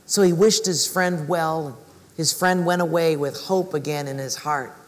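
A male preacher telling a story in a sermon, animated and acting out voices. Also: fairly high pitch, a little slow. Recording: reverberant hall.

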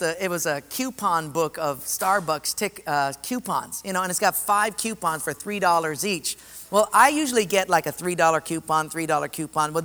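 A man preaching a sermon and telling stories, acting out the voices of the people in them. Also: high voice. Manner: animated, acts out voices in stories. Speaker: pastor. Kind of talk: sermon with storytelling. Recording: long reverb of a hall.

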